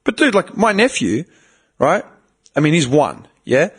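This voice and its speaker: A young man hosting a podcast, talking in a casual, animated, swearing way and mimicking other people in quoted voices. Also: a little high, unhurried, slightly rough. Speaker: podcast host.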